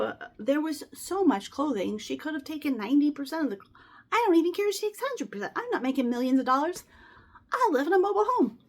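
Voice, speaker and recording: Animated chatty woman sorting clothes. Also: sits high. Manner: chatty, animated and rambling, drops to a whisper for asides. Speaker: clothing reseller vlogger. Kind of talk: casual chat while sorting clothes.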